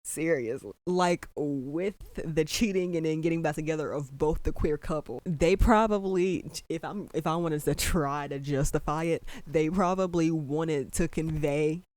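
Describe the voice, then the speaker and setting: A man hosts a casual podcast, ranting emphatically and with exasperation, repeating himself and tossing in plenty of "like" and "bro." His voice is fairly high and a little mellow, moving at a measured pace with hardly any pauses, on a dry recording.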